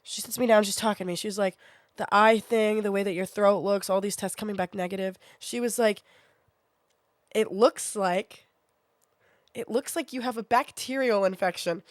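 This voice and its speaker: A woman in her twenties who has a sinus infection chats casually with her stream, telling an animated, wandering story and cursing freely. Her pitch is medium and her pace moderate. The studio sound is clean and echo-free.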